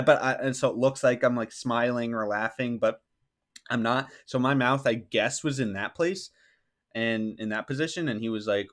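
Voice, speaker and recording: A man's voice: mid-range voice, a bit bright. A man hosting a podcast who tells a personal story in a casual, rambling way. He says "like" often and acts out what people said. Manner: rambling, heavy use of "like", acts out quotes. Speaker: podcast host.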